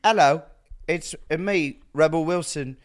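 A man's voice: a little high, takes it slowly, pitched above the performer's own voice. A man putting on a jokey impression of a female actress in an exaggerated mock English accent. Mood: goofy.

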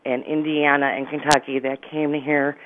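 Middle-aged woman telling a lively story. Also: sits low, normal speed, phone-quality sound, a little hiss or hum. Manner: lively, dramatic retelling with laughs. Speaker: psychic medium guest. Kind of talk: animated personal storytelling.

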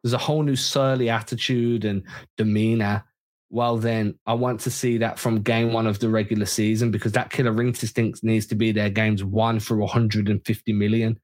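A man's voice: fairly low pitch, flat delivery, normal speed, darkish tone. A man co-hosting a sports podcast, giving emphatic opinions in casual chat. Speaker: podcast co-host.

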